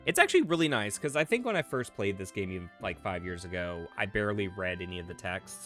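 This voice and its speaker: A man's voice: low voice, a bit bright. A man streaming a game playthrough, chatting in casual, upbeat asides.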